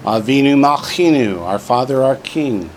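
During a Hebrew lesson, an animated male teacher with a mid-range voice stretches out word forms slowly so the class can repeat them. Jokes slip in between drills, over slight background noise.

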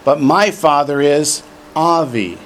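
Slow-talking male Hebrew teacher. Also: fairly high pitch, animated, a bit bright, a little hiss or hum. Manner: slow, drawn-out drilling of words for repetition; joking asides. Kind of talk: classroom lesson.

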